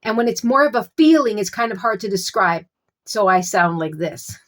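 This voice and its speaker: A woman giving a casual tarot reading. She gropes for words with many fillers and keeps offering calm reassurance. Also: mid-range voice, moderate pace. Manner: reassuring, repeats soothing phrases. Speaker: tarot reader.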